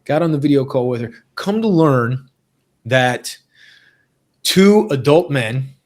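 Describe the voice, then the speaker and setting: A man's voice: medium pitch, animated, slow. A man hosting a podcast in casual conversation, talking earnestly and repeating phrases for emphasis. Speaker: podcast host.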